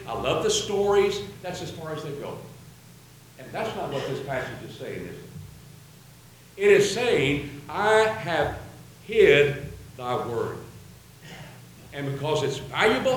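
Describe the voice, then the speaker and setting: A man's voice: high-pitched, a bit bright, slight background noise. A man preaching a sermon, reading and quoting scripture in an earnest way. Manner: earnest, quotes scripture aloud. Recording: very echoey room.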